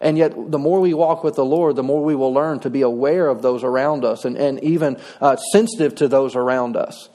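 A man's voice: medium pitch, fairly quick, hardly any pauses, warm tone. A middle-aged man, preaching a sermon in a folksy, conversational way with touches of humor. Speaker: pastor.

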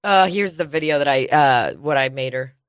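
A woman's voice: low voice, moderate pace. An American woman who does stand-up comedy, chatting casually on a podcast, rambling with lots of fillers. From United States. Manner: rambling, filler-heavy, laughs easily. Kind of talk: casual chat.

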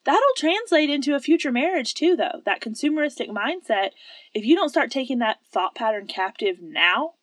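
A woman co-hosting a casual Christian talk show, lively and laughing often as she makes her points. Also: sits high, moderate pace, no echo. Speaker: podcast co-host. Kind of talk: casual faith-based chat.

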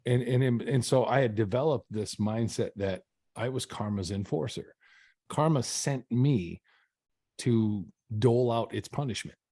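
As a guest on a podcast, this man recounts a personal story at an unhurried pace in a mellow, medium-pitched voice. He speaks earnestly but keeps restarting and repeating his sentences. The recording is clean studio sound without room sound.

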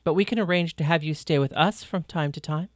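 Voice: mid-range voice, a little fast, no echo, clean studio sound, natural voice. A reader voicing an earnest man at breakfast. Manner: earnest, puzzled questions. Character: friendly careful man, a guest at breakfast. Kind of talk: audiobook reading.

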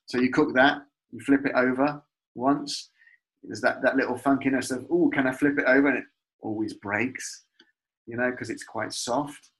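Husky middle-aged man, animated storyteller, from Peru. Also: medium pitch, unhurried, low-quality recording. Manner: warm, animated storytelling about food. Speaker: guest. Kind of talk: casual conversation.

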